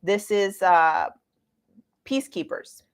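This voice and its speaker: A woman in her forties giving a casual astrology talk to viewers, chatty and lively with playful asides. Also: lowish voice, slow, smooth. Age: 40s.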